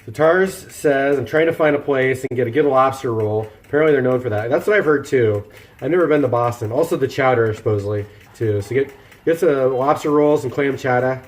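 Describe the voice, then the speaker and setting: A cooking streamer with a mid-range voice chats briskly with viewers and live chat while cooking in his home kitchen, rambling and poking fun at himself. The room sounds echoey.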